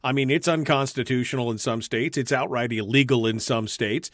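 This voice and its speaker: A man's voice: mid-range voice, fairly bright tone, dry recording, clean studio sound. Agreeable man hosting talk radio. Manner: affirming, quick to agree. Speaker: radio talk show host. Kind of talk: radio talk show discussion.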